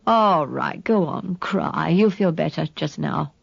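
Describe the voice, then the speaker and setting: A woman reading an audiobook, voicing a steady, protective young man who speaks gently and reassuringly. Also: low voice, slow, gravelly, husky, no room sound, highs cut off, voice pushed down, heavily acted. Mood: soothing.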